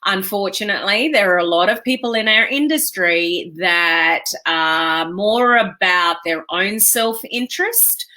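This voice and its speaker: A woman's voice: medium pitch, measured pace, hardly any pauses, pushed and bright. A woman with an Australian accent hosting a casual live stream, chatty and upbeat, greeting viewers by name and laughing often.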